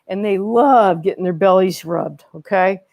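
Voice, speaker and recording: A woman's voice: mid-range voice, measured pace, creaky, dull audio. A woman guiding a children's yoga class in a library, chatty and encouraging, often checking in with the kids and laughing along. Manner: cheerful, chatty, encouraging with frequent okays and laughs. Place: library, indoors. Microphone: wearing a microphone.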